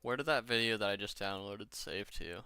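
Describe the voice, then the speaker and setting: Bright, crisp-voiced tipsy streamer man. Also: on the low side, moderate pace, no room sound. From Washington state. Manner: rambling, profane, chatty with viewers. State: a little drunk. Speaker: gaming streamer. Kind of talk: casual stream chat.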